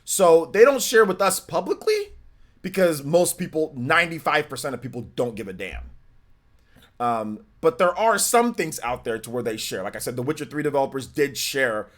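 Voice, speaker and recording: A man's voice: fairly high pitch, big pitch swings, normal speed. A man hosting a livestream, chatting casually and rambling through viewer comments with lots of filler words. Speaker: livestream host.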